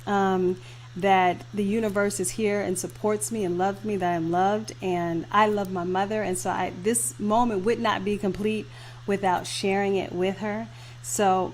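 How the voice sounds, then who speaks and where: A woman in her thirties hosting a virtual launch party over a video call, effusive and quick to laugh and get emotional. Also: medium pitch, a little hiss or hum. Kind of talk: casual live video chat.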